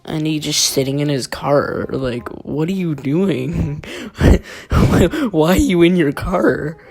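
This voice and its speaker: A man's voice: on the high side, lively intonation, slow pace, vocal fry, darkish tone. A young man vlogger telling a crude, exaggerated comic rant. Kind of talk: comedic rant vlog.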